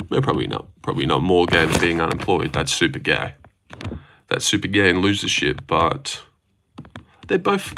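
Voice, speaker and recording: A man's voice: sits low, a bit bright, a little hiss or hum. A young Australian man casually chatting on a livestream, answering chat questions with a laid-back, jokey manner. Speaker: streamer reading chat.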